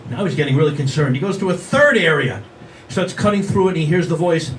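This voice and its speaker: Older male stand-up comic, slightly high voice, self-deprecating wisecracks, recorded from a distance with a noisy room. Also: lively intonation. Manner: wisecracking, self-deprecating, quick asides to the crowd. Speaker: stand-up comedian. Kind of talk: stand-up comedy set. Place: comedy venue with a live audience. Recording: distant room sound with noticeable background noise.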